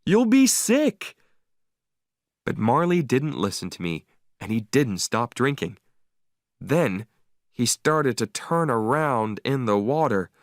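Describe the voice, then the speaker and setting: A man narrating a simple story slowly and clearly for English learners, with an expressive reading. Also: medium pitch, dry recording, studio quality.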